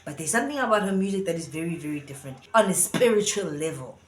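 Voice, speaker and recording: A woman's voice: on the low side, animated, quick pace, slight background noise. A woman giving casual opinion commentary, earnest and rambling as she thinks aloud. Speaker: vlogger. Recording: roomy echo.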